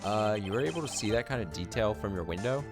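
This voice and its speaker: A man's voice: fairly low pitch, lively intonation, fast talker. A man reading as an earnest young defense lawyer. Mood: probing. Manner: probing, questioning. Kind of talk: let's play voice acting. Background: game music.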